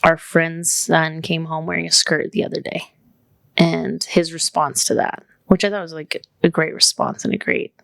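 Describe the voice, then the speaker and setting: A woman's voice: low-pitched, steady tone, moderate pace, vocal fry, fairly bright tone, no echo. A woman co-hosting a podcast, chatting casually and leaning heavily on "like" on a studio microphone. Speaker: podcast co-host.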